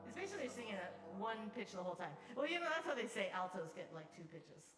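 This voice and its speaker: A woman's voice: medium pitch, big pitch swings, quick pace, music in the background. A woman leading a choir rehearsal, explaining lyrics in a chatty, self-deprecating way. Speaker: choir leader. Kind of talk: casual rehearsal teaching. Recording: roomy, distant mic, instruments behind.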